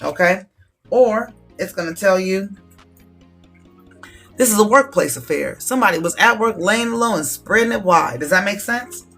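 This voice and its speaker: A tarot reader hosts a live-stream session and runs through the card decks in a loose, chatty way. The voice sits at a middle pitch and keeps checking in with listeners. A little music plays quietly in the background. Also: animated, normal speed, husky. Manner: casual, chatty, checks in with "okay?" often.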